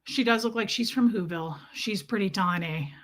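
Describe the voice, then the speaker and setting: Bright-voiced chatty American woman. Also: mid-range voice, normal speed. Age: 40s. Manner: chatty, sarcastic, jokey. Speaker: livestream host. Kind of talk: casual live-stream chat reading viewer comments.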